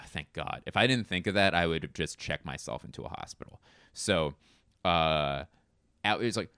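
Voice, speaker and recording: Deep-voiced man rambling through comic bits. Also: a bit bright, clear, resonant tone, no echo, studio quality. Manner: rambling, self-mocking, profane. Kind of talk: rambling comedic monologue.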